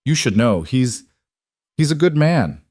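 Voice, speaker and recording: A man voicing a loyal, reserved male driver who speaks quietly and haltingly. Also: medium pitch, sing-song, dry recording, clean studio sound, voice pushed up. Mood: hesitant.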